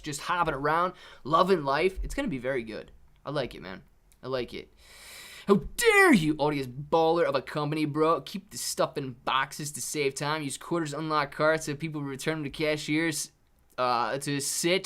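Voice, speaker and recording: A man's voice: a little high, a bit bright. Upbeat man hosting a market live stream. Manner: upbeat, chatty, thanks viewers by name. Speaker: live-stream host reading viewer chat. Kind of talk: casual live stock-market commentary.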